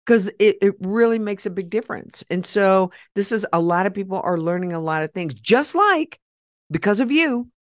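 A woman hosting a podcast in casual chat, talkative and retelling what others said with animated quoting. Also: mid-range voice, moderate pace, no room sound, clean studio sound. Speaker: podcast host.

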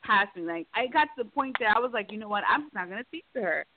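A woman's voice: medium pitch, expressive, slight background noise. A woman co-hosting a casual chat show, telling a story with many fillers and restarts. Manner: halting, filler-heavy storytelling. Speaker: co-host. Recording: tinny phone-like sound.

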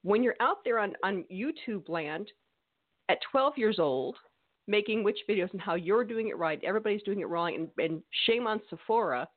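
A woman's voice: mid-range voice, lively intonation, normal speed, no room sound. A woman co-hosting a podcast, talking in an emphatic, scolding, opinionated way, with the odd laugh. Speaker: podcast co-host. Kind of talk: opinionated casual chat. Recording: tinny phone-like sound.

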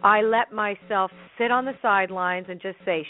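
Canadian woman guest, animated storyteller who laughs a lot, mid-pitched, heard over a tinny phone-like line. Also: normal speed. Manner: chatty, laughing, acts out her own quotes. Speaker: interview guest.

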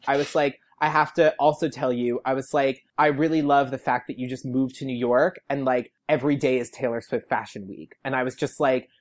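A man's voice: medium pitch, brisk, hardly any pauses. Young man, podcast guest, chatty storyteller who slips into quoted voices. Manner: animated, quotes people in lively put-on voices. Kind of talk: casual storytelling.

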